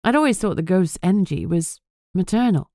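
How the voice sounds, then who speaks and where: Woman, low voice, dry studio audiobook narration, earnest. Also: expressive, fairly quick, mellow, dry recording. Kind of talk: first-person audiobook narration.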